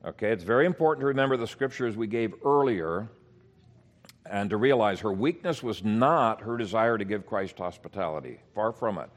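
A man's voice: lowish voice, lively intonation, normal speed. A man preaching a sermon as pastor, explaining scripture in a teaching manner with emphasis.

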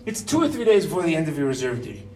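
A man's voice: on the high side, wildly swooping pitch, racing, a little mellow, far from the mic, slight background noise. A man of fifty telling a personal story to listeners in a chatty way, often checking in with "right?". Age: 50s. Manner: chatty, keeps asking "right?". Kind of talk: personal anecdote told to listeners.

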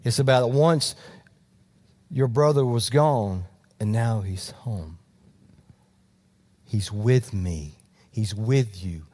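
A man voicing a gentle, loving father who pleads softly with his son. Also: slow, long pauses, breathy edge. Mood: tender. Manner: soft, low, tender pleading.

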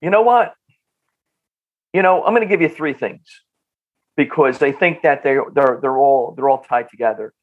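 A man with a North Jersey accent, a health practitioner guest on a podcast interview, talking in an animated way and often repeating words as he starts a sentence. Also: mid-range voice, moderate pace, pauses often, phone-quality sound. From New Jersey.

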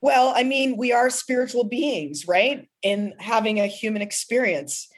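A woman's voice: fairly high pitch, measured pace. A woman singer-songwriter talking in a heartfelt, emotional way during a podcast interview, often laughing. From pastor's kid.

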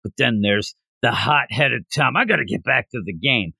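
Lively bright-voiced man acting out scenes. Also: medium pitch, vocal fry, husky, no echo, clean studio sound. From United States. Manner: animated, acts out characters in quick put-on voices. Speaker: podcast co-host. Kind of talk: casual chat recapping a story.

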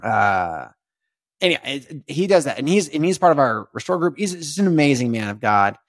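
A young man talking through a personal story in a loose, upbeat, rambling way, leaning on slang and fillers. His voice sits at an ordinary middle pitch. The sound is close and very dry, with no room around it. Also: sing-song, normal speed, no echo. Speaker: podcast host. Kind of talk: casual spoken testimony.

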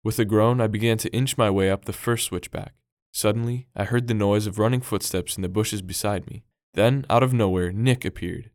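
A young man reading a scripted devotional in a calm, earnest way. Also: on the low side, normal speed, no echo, clean studio sound. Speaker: devotional reader.

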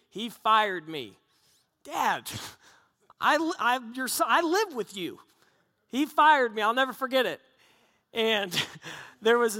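High-voiced preacher, hall reverb. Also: male voice, clear, resonant tone. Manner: animated storytelling with self-deprecating humor. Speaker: pastor. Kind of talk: sermon.

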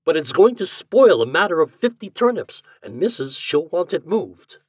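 A man's voice: sits high, big pitch swings, normal speed, dry recording, clean studio sound, pitched above the performer's own voice. A man voicing a worried rustic male landlord who frets in a raised, rustic voice. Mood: fretful.

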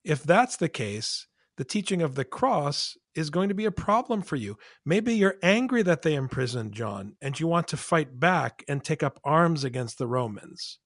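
A man's voice: a little high, sing-song, normal speed, few pauses, no echo, clean studio sound. A man, a priest, discussing scripture emphatically and asking his listeners pointed rhetorical questions.

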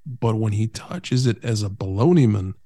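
A man's voice: on the low side, expressive, normal speed, dark tone, dry recording. Man, podcast co-host, sarcastic plot recap, dry close mic. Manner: sarcastic, swears casually, laughs while recapping plot. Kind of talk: casual movie recap chat.

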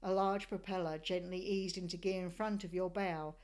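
Woman, slightly low voice, measured scripted voice-over for a sailing travel vlog. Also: steady tone, a little mellow, smooth. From Australia. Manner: measured, descriptive storytelling. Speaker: sailing narrator.

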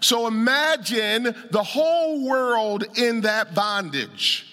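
Male pastor, high tense voice, preaching with a sung cadence in a reverberant sanctuary. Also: lively intonation, slow. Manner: emphatic preaching that swells into shouts and a sung cadence. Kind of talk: sermon. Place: church sanctuary. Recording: long church hall reverb.

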